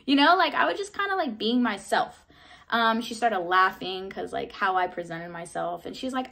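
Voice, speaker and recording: A young woman in her twenties telling a casual vlog story, chatty, full of "like" and mild swearing, jumping into excited high bursts when she replays her own reactions. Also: normal speed. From Southern California. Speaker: vlogger.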